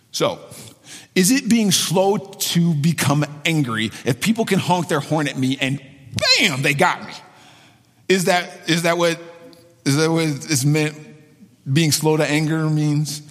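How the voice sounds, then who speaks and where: A pastor in his forties giving a conversational sermon, telling a personal story candidly and repeating phrases for emphasis. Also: medium pitch. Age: 40s. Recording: long reverb of a large hall.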